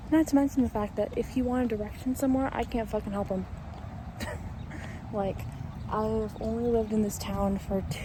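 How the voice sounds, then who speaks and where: A woman's voice: medium pitch, noisy background. A woman in her twenties chatting casually to a phone camera, swearing freely and full of fillers. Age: 20s. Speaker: vlogger. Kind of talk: casual vlog chat. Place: outdoors walking, then indoors at home.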